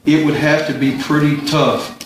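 A man leading a Bible study, explaining a passage in a thoughtful, halting way and often repeating words as he gathers his thoughts. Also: a little high, flat delivery, a little hiss or hum. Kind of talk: informal Bible study teaching. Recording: very echoey room, distant mic, faint ambience.

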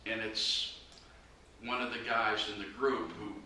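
A man's voice: lowish voice, steady tone, measured pace, sharp tone. A man preaching a personal testimony, earnest and urgent as he exhorts his listeners. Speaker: evangelist preacher. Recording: very echoey room, mic far off, faint noise.

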